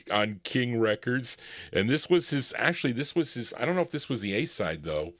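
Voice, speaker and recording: A man's voice: medium pitch, very animated, normal speed, a bit bright, no echo, clean studio sound. A man hosting a live record show, chatting casually and rambling with fillers as he talks to his listeners as folks. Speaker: radio show host and DJ. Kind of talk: casual live radio patter.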